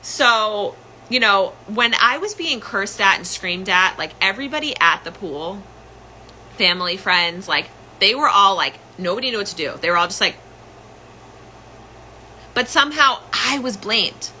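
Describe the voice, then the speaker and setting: The recording is rough, with a faint hiss or hum, as a young woman hosting a podcast tells a personal story. She rambles casually, full of "like" and "um," in a medium-pitched, expressive voice that is pushed and bright at a measured pace.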